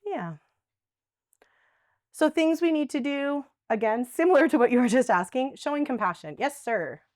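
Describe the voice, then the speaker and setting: A woman's voice: high voice, lively intonation, normal speed, darkish tone, no echo, studio quality. A woman presenting a live dementia workshop, chatty and conversational, often checking in with "right?". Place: workshop room with a live audience.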